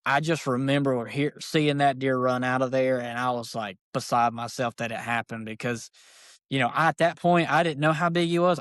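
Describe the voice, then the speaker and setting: A man, a podcast guest, tells a story in casual, excited, rambling speech, full of fillers like "dude". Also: mid-range voice, no echo, studio quality. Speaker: podcast guest, archery shop owner.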